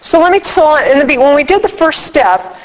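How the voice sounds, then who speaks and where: Animated woman telling stories in a hall. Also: sits high, fairly quick. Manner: animated storyteller acting out dialogue. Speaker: workshop speaker. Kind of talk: recovery workshop talk. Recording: reverberant hall.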